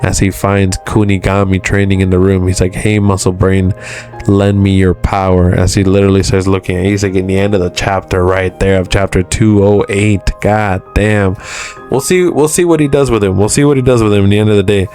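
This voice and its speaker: Man, low voice, monotone, casual manga recap host, "he's like" narration, faint music behind. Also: a little fast. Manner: narrates dialogue with constant "he's like". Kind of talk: casual retelling of a manga chapter.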